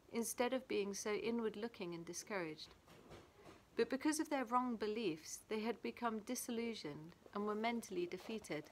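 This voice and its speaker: A woman from England giving a gentle, reflective daily devotional, reading a passage and a prayer and adding her own thoughts. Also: fairly high pitch, a little hiss or hum. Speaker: church devotional leader. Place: small garden playhouse. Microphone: camera video.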